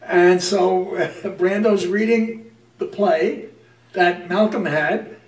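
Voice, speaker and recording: A man's voice: sits high, steady tone, slow, reverberant, distant mic. A man hosting an interview, recounting stories with frequent hesitations. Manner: hesitant, many "uh" fillers. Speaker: host. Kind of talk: casual interview chat.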